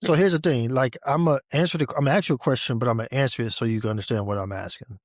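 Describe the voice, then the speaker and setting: A man hosting a podcast in casual conversation, relaxed and repeating key phrases for emphasis. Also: medium pitch, rapid-fire, no room sound, studio quality. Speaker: podcast host.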